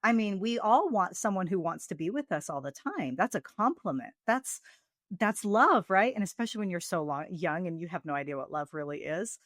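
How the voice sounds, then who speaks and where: A woman's voice: lowish voice, expressive, fairly quick, dry recording, clean studio sound. Affirming woman podcast host. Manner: empathetic, affirming. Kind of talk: casual interview chat.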